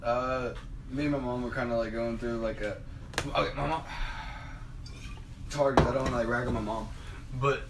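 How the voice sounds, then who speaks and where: Male podcast guest, halting casual talk, mid pitch, heard from a distance. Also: steady tone. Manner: hesitant, halting, full of fillers. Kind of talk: casual chat. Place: podcast room. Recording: distant from mic, noisy background.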